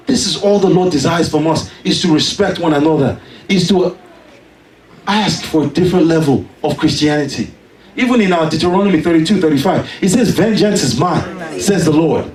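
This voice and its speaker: A man preaching a sermon, telling a personal story with animated delivery and emphatic peaks. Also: on the high side, moderate pace, echoey room, far from the mic, low-quality recording. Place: church.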